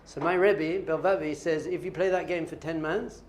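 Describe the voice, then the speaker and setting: Animated rabbi teaching a class. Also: male voice, fairly high pitch, brisk. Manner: animated, playful, quizzing the audience. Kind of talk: lively classroom teaching with questions to students.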